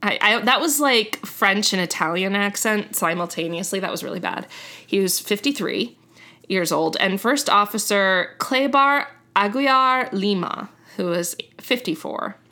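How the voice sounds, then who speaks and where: A woman's voice: mid-range voice, unhurried, pushed and bright. A young woman hosts a casual storytelling chat, her mid-range voice chatty and loose. She corrects herself often and laughs at her own slips. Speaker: podcast host.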